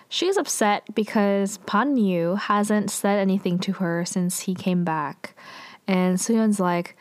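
A woman's voice: medium pitch, unhurried, a little mellow, no room sound. A woman casually recapping a drama episode, chatty and full of fillers, with exasperated asides.

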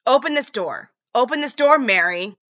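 A woman voicing a menacing, violent man who shouts angry demands. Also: medium pitch, animated, brisk, dry recording, highs cut off.

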